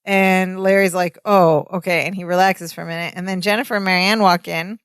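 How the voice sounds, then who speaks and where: A woman's voice: fairly low pitch, brisk, smooth, no echo, studio quality. A woman co-hosting a podcast, recapping a sitcom episode in casual chat and acting out the characters' lines as she goes. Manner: animated retelling, acting out lines. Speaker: podcast co-host.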